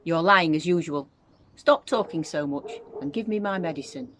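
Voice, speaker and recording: A woman's voice: low voice, moderate pace, a little hiss or hum. A woman voicing a cranky, bossy old grandmother who snaps and scolds. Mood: snappish. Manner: snapping, scolding, shouting.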